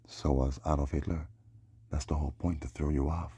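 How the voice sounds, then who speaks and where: A man with a very deep, gravelly voice that sounds dark and husky. He rambles through a loose solo monologue, drawling and tossing in a questioning "hmm?" between thoughts. The sound is close and dry. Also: fairly even intonation, a little fast, dry recording. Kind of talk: rambling monologue on names and prophecy.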